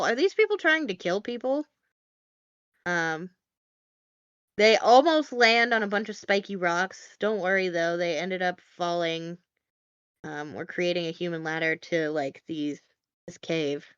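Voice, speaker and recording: A woman's voice: fairly low pitch, a little slow, fairly bright tone, clean tone, no room sound, highs cut off. A woman co-hosting a podcast, recapping a film in a casual, rambling way full of fillers and dry asides. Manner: rambling, filler-heavy, wry. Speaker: podcast co-host.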